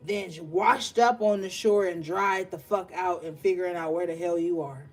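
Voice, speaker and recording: A woman's voice: fairly low pitch, unhurried, faint music behind. A young adult woman giving a casual tarot reading, blunt and profane, fired up and laughing often. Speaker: tarot reader.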